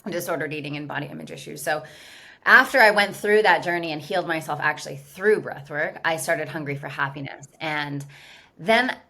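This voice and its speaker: A woman's voice: low-pitched, a little fast, pushed and bright. A woman guest in a casual podcast interview, telling her story candidly and animatedly with lots of "like" fillers. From California, USA. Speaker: guest, business founder.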